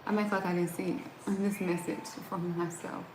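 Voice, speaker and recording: A woman's voice: on the low side, little pitch movement, normal speed, reverberant, noisy background. A woman with a Southern American accent, hosting a casual live stream and chatting with viewers, greeting them by name and laughing often. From Southern United States.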